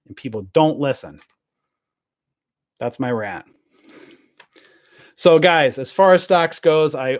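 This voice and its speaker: A man hosting a stock trading channel, ranting to camera in a blunt, rambling way and swearing freely. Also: medium pitch.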